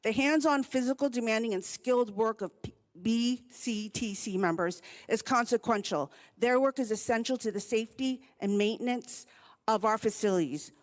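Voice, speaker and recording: A union chapter vice president and occupational therapist giving an earnest public comment at a board meeting. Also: female voice, fairly high pitch, moderate pace. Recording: long hall reverb.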